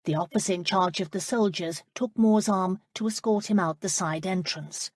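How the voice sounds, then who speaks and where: A woman narrating an audiobook in an even, measured reading. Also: fairly low pitch, no echo. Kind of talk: scripted narration.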